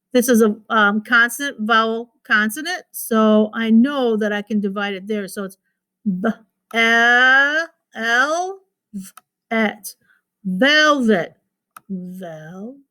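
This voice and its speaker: A woman's voice: a little high, moderate pace, a bit bright. A woman teacher giving a recorded phonics lesson to children, patiently repeating words and sounding out their syllables.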